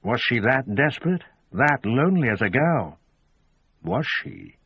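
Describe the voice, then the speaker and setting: Male audiobook reader, measured and animated in pitch; dry, lo-fi sound. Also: slightly rough, dry recording. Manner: measured storytelling. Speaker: audiobook narrator. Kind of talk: scripted narration.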